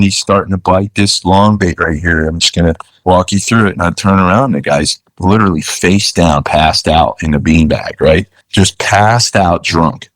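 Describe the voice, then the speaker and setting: A man's voice: deep voice, moderate pace, hardly any pauses, dry recording. A man, a charter fishing captain, telling stories in a casual, laid-back way and acting out what people said. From Florida. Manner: laid-back, says "dude" and "you know" a lot, acts out quotes. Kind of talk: casual storytelling.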